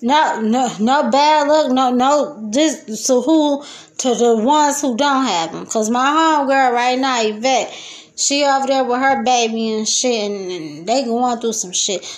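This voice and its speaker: This Detroit podcast host has a high, loud voice and a profane streak, yet keeps a measured pace through her loose, meandering monologue. She laughs, swearing freely, and swings from booming enthusiasm to under-her-breath grumbles.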